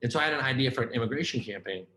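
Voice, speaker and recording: A man giving a keynote talk, telling a story in an informal, animated way, with lots of "man" and "right?" and restarts. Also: mid-range voice, racing, echoey room, low-quality recording. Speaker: keynote speaker.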